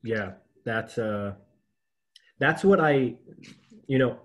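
A man's voice: medium pitch, animated, slow, a bit bright. A man hosting a podcast, chatty and telling stories with frequent laughs. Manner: chatty, storytelling, laughs often. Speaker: podcast host. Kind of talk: casual conversation.

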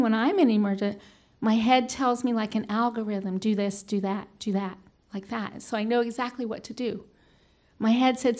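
Middle-aged woman, fairly high voice, earnest live storyteller on stage, halting delivery with bursts of shouting. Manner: earnest, halting, with restarts and sudden loud yelled lines. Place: small stage venue before an audience.

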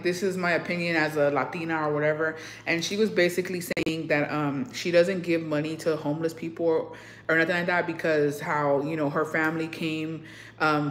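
A woman's voice: on the low side, roomy sound, slight background noise. A young woman hosting a casual livestream, telling stories animatedly, swearing often and slipping into Spanish phrases. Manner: swears freely, slips into Spanish; animated storyteller. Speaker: livestream host.

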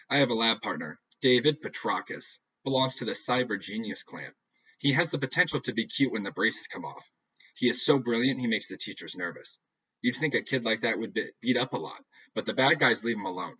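A man reading a first-person novel aloud with a dry, deadpan delivery. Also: mid-range voice, a little fast, breathy edge. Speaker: audiobook reader. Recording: dull lo-fi recording.

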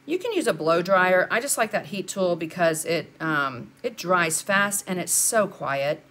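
A woman's voice: on the low side, lively intonation, unhurried, a bit bright. Chatty older woman teaching painting. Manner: chatty, answers viewer comments while painting. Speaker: art instructor. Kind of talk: live painting tutorial.

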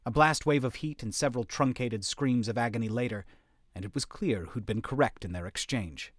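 A man's voice: mid-range voice, fairly quick, no echo, studio quality. A man reading a fantasy story aloud on a live stream, narrating steadily. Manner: steady narration with occasional slips.

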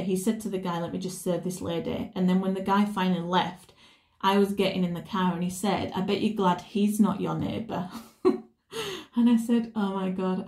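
A woman's voice: on the low side, warm tone. Rambling woman reading tarot. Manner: rambling, self-correcting storytelling. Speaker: tarot reader. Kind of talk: casual tarot reading chat. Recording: roomy echo.

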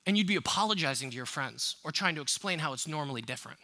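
A man's voice: a little high, animated, quick pace, bright, forceful tone. A man preaching a sermon as a pastor, emphatic and conversational, asking the congregation rhetorical questions. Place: church sanctuary.

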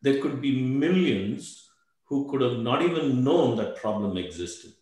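A man's voice: mid-range voice, expressive, a little slow, darkish tone. Older man in a very echoey room. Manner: hesitant, repeats words, ends points with "right?". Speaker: panelist. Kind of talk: webinar panel discussion.

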